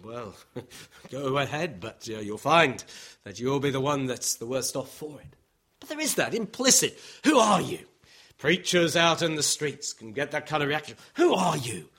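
A man's voice: medium pitch, normal speed. A man preaching a sermon, acting out the objections of his listeners and chuckling now and then. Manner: animated, acts out voices of listeners, occasional chuckles.

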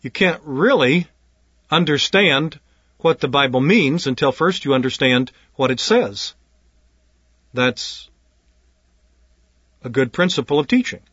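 A pastor speaking to would-be preachers in an earnest, deliberate way, often repeating words as he gathers his thoughts. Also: on the high side, animated, fairly bright tone, slightly rough, no echo. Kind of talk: instructional talk on preaching. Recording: dull lo-fi dry recording.

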